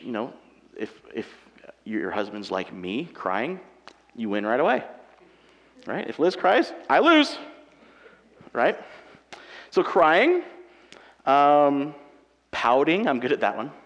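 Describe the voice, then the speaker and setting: A married man preaching a sermon with animated, self-mocking humor, acting out everyday quarrels. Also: mid-range voice, slow pace, long pauses. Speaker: pastor. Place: church auditorium. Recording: long reverb of a large hall.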